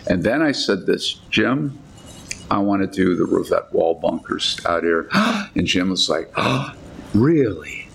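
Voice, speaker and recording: Low gravelly guy, golf architect, tells stories and does the voices, faint ambience behind. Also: unhurried, slight background noise. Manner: animated anecdotes with quoted voices, frequent restarts. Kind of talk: casual storytelling chat.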